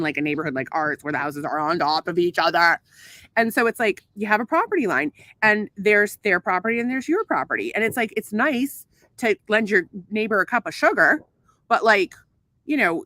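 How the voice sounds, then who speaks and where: A woman's voice: medium pitch, a bit bright, no echo. A woman co-hosting a casual podcast, talking with lots of swearing and filler ums in an exasperated way. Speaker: podcast co-host. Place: outdoors at a home pool.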